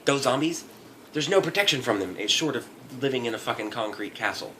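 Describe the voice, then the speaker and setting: A man's voice: mid-range voice, expressive, a little fast, a bit bright, slight background noise. Profane rambling male ranter. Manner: profane, rambling, laughs often. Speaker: vlogger. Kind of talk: comedic rant.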